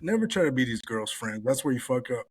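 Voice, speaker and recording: A man's voice: medium pitch, sing-song, fast talker, a little hiss or hum. Blunt, profane man chatting. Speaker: podcast host. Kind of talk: casual chat.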